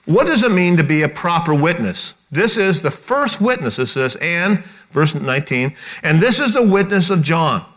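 A middle-aged pastor preaching with lively energy, his voice sitting a little high for a man. He often repeats words and slips into acting out the people he quotes. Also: moderate pace, hardly any pauses. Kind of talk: sermon.

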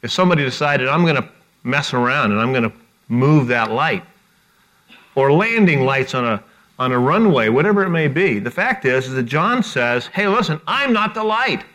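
A middle-aged man preaching a sermon, animated and repeating words as he acts out the people he quotes. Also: mid-range voice, normal speed. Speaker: pastor.

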